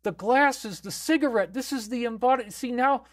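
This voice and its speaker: A man putting on a raspy chain-smoking granny. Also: extremely high pitch, normal speed, voice pushed up. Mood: doting. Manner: coos and fusses over viewers. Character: raspy chain-smoking grandmother, doting and fussy. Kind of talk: comic live stream character.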